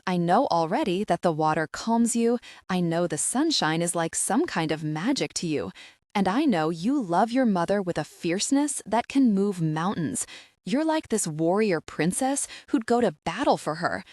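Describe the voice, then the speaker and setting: A woman's voice: lowish voice, lively intonation, normal speed, darkish tone, dry recording, clean studio sound, lightly acted. A woman narrator voicing a rugged, protective young man in an audiobook, speaking firmly and directly. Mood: earnest firm. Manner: firm and direct. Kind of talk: audiobook dialogue.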